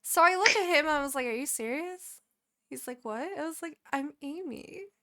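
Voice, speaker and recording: A young woman tells a work story on a casual podcast, acting out each exchange with lively swearing. Her voice sits a bit high and rings bright. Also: normal speed. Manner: animated, swearing, acts out quotes. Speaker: podcast co-host.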